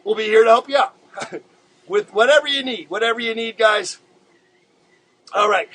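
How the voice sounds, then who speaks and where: A man with a high-pitched voice hosts a casual live-streamed drawing show. He rambles in a laid-back way, addressing viewers as guys and pausing often on filler words. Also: bright, forceful tone, rough recording.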